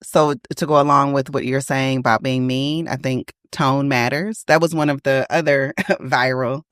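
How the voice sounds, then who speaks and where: A woman co-hosting a podcast in casual chat, emphatic and quick to laugh. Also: extremely low pitch, no echo, studio quality. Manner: chatty, laughs often, emphatic. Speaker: podcast co-host.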